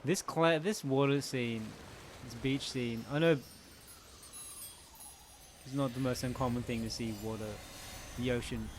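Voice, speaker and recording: A man's voice: mid-range voice, fairly even intonation, unhurried, pauses often, a little hiss or hum. A man casually commenting as he plays a video game, chatting to his viewers and joking along. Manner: chatty, talks to viewers, jokes and laughs. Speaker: gaming channel host. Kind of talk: casual let's play commentary.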